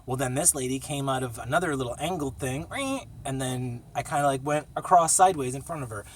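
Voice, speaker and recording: A man's voice: mid-range voice, fairly quick, distant mic, a little hiss or hum. A man telling casual, profane stories in a rambling vlog from a small cramped space. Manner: profane, laid-back storytelling with sung jingle. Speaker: vlogger.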